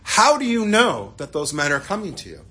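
Big jovial grieving man, soft and earnest, played by a man in his own voice. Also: high voice, huge pitch swings, fairly quick, faint music behind, voice pushed up, heavily acted. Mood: curious.

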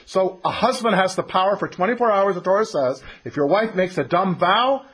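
A man's voice: high-pitched, expressive, brisk, background noise. A man teaching a text study class, explaining emphatically and putting questions to his students.

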